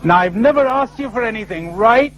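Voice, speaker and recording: A man's voice: high voice, expressive, fairly quick, lo-fi sound, a little hiss or hum, pitched above the performer's own voice. A man voicing a pious old man pleading with God. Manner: pleading, insistent.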